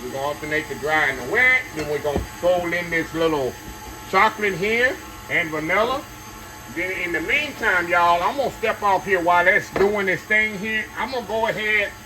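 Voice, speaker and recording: Older man, folksy home-kitchen cooking host, bright, slightly high voice. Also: normal speed, soft background music. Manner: chatty, folksy, addresses viewers as y'all. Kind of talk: casual cooking demonstration.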